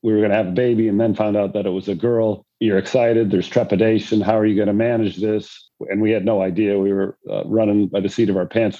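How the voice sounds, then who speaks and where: Older man, rambling storyteller, deep, warm tone, muffled recording. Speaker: guest, father and former pro golfer. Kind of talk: storytelling in a conversation.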